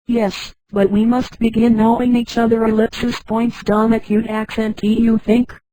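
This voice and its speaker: A man's voice: very high-pitched, little pitch movement, normal speed, mellow, dry recording, low-quality recording. A synthetic woman's voice reading the lines of a nervous man courting a woman, in a formal, stiff way.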